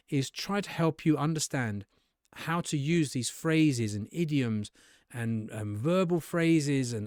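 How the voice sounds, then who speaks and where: Guy teaching english to camera, chatty, pops his voice way up for example lines, dry close mic. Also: dry recording. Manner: conversational, acts out sample dialogues with bright jumps in pitch. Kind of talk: casual spoken lesson to camera.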